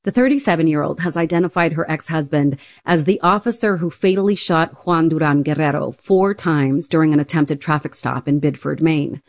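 A woman reporter with a notably low voice reads a news story in a clear, even delivery. The recording is dry and close. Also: brisk, few pauses, no echo. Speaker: radio reporter.

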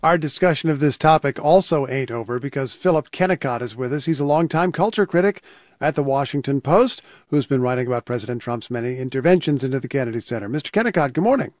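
A man hosting a morning radio news program, reading crisp scripted introductions. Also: mid-range voice, animated, fast, no room sound, studio quality. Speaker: news host.

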